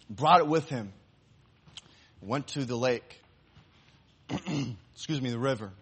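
Man preaching, telling a story. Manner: animated storyteller, voices the excited boy in a raised pitch; slows and softens for the closing appeal. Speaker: pastor. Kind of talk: sermon storytelling.

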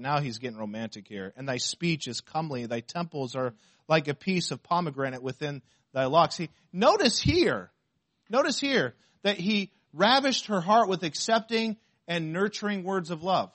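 A man preaching a sermon to a congregation, reading scripture aloud slowly and asking the listeners questions. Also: high-pitched, fairly bright tone. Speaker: pastor.

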